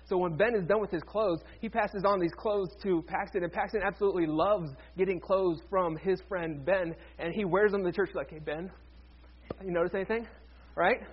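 A man's voice: high voice, a little fast, hardly any pauses, breathy edge, lo-fi sound. A man, a pastor, preaching a sermon in a conversational way with joking asides to the congregation.

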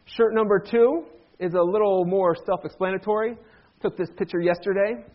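A pastor with a high, light voice delivers a relaxed Easter-season sermon, teasing and joking with his congregation. He talks conversationally and pulls the room into call-and-response. The recording is dull and lo-fi. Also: moderate pace. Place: church sanctuary.

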